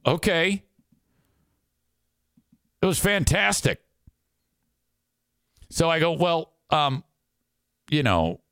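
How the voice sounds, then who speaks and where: Hosting a radio show, a man with a clear, resonant, somewhat high voice tells a casual story with some swearing. He's animated, acting out the people he quotes in shifting voices, and the studio sound is clean with no room noise.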